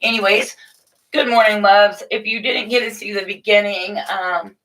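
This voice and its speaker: A middle-aged woman hosting a casual morning livestream, chatting warmly and motherly with viewers from a room at home, with frequent restarts. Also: medium pitch, steady tone, moderate pace. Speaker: livestream host. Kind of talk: casual live chat to viewers.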